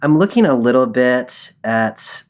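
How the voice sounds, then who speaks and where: Male co-host, mid-pitched, measured and explanatory, reads verses aloud as he reasons. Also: animated. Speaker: podcast co-host and Bible scholar. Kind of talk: casual discussion.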